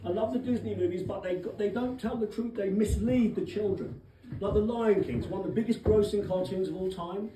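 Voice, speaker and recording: A man with an English accent doing animated stand-up comedy in a comedy club, swearing freely. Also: sits high, brisk. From England. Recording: echoey distant club recording, noisy crowd.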